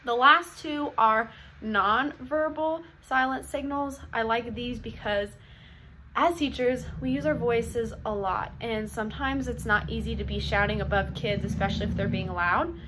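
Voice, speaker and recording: A young woman preschool teacher explaining classroom routines to other teachers, upbeat and clear, now and then acting out the call-and-response chants she uses. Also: a little high, measured pace, bright, forceful tone, a little hiss or hum. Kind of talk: instructional talk to teachers.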